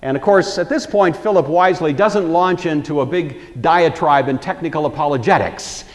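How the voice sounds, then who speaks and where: A man's voice: on the high side, normal speed, long reverb tail. A man teaching a Bible lecture in a conversational storytelling way, acting out the quoted lines.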